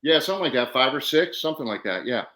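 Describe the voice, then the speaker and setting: A man, a professional wrestler, casually telling animated stories and acting out quoted dialogue. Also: mid-range voice, quick pace, roomy sound, rough recording. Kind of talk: casual storytelling.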